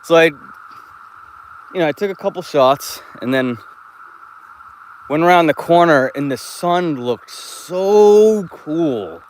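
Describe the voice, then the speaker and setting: A man's voice: on the high side, lively intonation, slow, long pauses, a little hiss or hum. Rambling man streaming on a walk. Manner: rambling, laid-back, swears freely. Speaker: live streamer. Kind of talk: casual rambling live stream. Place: outdoors, walking through a park and woods.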